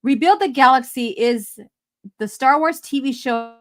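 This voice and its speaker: Woman host, live-stream chat, unhurried pace, fairly high voice, giggly. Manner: giggly, reads chat messages aloud.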